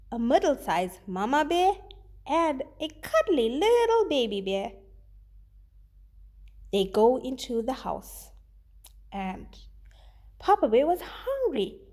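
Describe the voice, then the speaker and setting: A woman teacher reading a children's story aloud with expressive delivery, then giving her students a worksheet task. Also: high voice.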